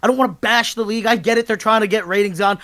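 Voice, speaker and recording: A man co-hosting a sports podcast, ranting passionately and emphatically, with swearing and bursts of near-shouting. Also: high-pitched, steady tone, rapid-fire. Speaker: podcast co-host. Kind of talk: heated sports talk rant.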